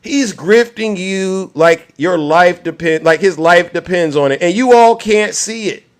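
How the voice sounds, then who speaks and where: A man's voice: high-pitched, a little slow. A man giving fiery political commentary, mocking and preachy as he taunts his audience.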